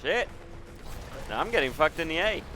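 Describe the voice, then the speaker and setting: A man's voice: fairly high pitch, big pitch swings, moderate pace, background noise. A man streaming a shooter game, chatting in a rambling, musing way and muttering at the game between thoughts, with game music and gunfire behind him. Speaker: gaming streamer. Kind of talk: casual stream chat while gaming.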